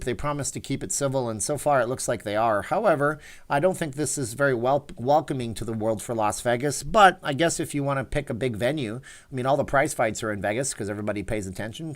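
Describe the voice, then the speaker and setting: A man in his forties hosting a casual livestream. He rambles and reads viewer messages aloud. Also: mid-range voice. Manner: rambling, reads chat aloud, chatty asides. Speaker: livestream host.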